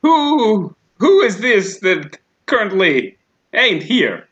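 A man playing a flirtatious smooth-talking rogue. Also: sits high, takes it slowly, muffled recording, voice pushed up, full character voice. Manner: oily, flattering, theatrical. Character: flirtatious smooth-talking male adventurer Cavill.

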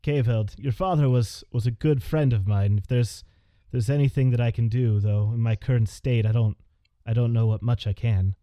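A man voicing a halting grizzled old sea dog. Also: medium pitch, fairly even intonation, warm tone, dry recording, clean studio sound, close to an everyday voice. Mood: sorrowful. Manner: halting, stammering. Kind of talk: tabletop game voice acting.

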